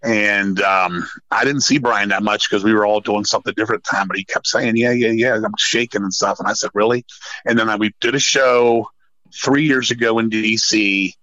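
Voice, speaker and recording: A middle-aged man telling stories in a casual podcast chat, swearing often and rambling in an animated way. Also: lowish voice, moderate pace, no echo, highs cut off. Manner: profane, animated, rambling storyteller. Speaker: podcast guest, metal musician.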